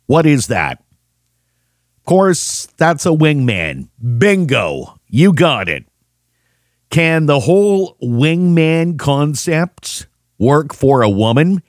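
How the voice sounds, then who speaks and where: A man hosting a radio morning show, reading news briefs and chatting in a measured, unhurried way. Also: on the high side, no room sound, clean studio sound. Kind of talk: radio news and host patter.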